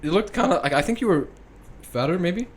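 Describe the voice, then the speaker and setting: Young man chatting fast, full of "like". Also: high voice, expressive, a crowd in the background. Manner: chatty, filler-heavy, lots of "like". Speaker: podcast guest, YouTuber. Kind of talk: casual chat.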